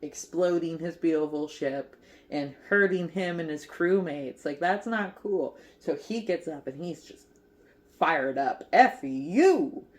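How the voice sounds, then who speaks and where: A woman's voice: sits low, unhurried. A woman casually recapping a movie as a crochet vlogger, chatty and giggly, with lots of fillers.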